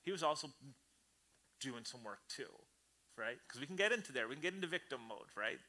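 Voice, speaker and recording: A man preaching a sermon to his church congregation in an animated, conversational way, often acting out the voices he quotes. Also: medium pitch, a little fast. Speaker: pastor. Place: church service before a congregation.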